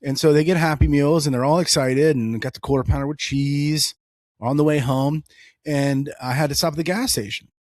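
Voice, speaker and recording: Animated dad telling stories, dry close mic. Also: male voice, fairly high pitch, moderate pace, no room sound. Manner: animated storytelling, acts out dialogue. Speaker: podcast co-host. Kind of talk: casual political chat.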